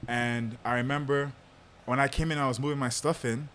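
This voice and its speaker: A man's voice: medium pitch, steady tone, brisk, a bit bright, a little hiss or hum. A young man telling a long personal story on a podcast in a casual way, with lots of fillers and laughter. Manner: laid-back, laughs often, lots of fillers. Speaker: podcast host.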